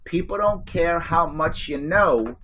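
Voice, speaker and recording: A man's voice: on the high side, animated, slow pace, a bit bright, a little hiss or hum. A man hosting a livestream, giving an impassioned pep talk to his audience, emphatic and repetitive, pleading with them. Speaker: livestream host.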